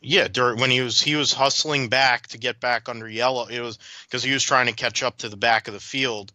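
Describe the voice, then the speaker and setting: Podcast guest: a man with a sharp, forceful voice and a lowish pitch, talking racing history in long, rambling runs, recorded dry. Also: steady tone, fairly quick, no echo. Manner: rambling, detailed motorsport recollections with restarts. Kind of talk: casual racing chat.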